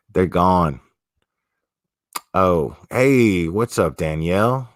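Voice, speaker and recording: A man's voice: low-pitched, expressive, drawn-out words, fairly bright tone, no room sound, studio quality. A man hosting a livestream, chatting casually with viewers in a profane, slangy, laid-back way. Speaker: livestream host.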